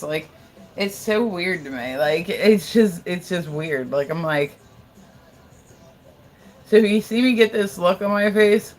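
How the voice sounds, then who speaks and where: A woman's voice: mid-range voice, a little slow. Blunt, rambling American woman streamer. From United States. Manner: rambling, blunt, swears, repeats herself. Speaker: livestream host. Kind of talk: casual live-stream chat.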